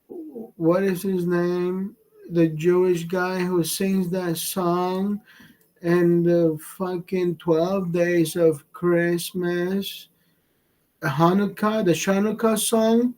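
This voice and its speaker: A man's voice: high-pitched, slow, a little mellow. A man hosting a casual livestream, rambling and swearing constantly while chatting with viewers. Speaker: livestream host. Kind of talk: casual profane livestream chat. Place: home setup in California.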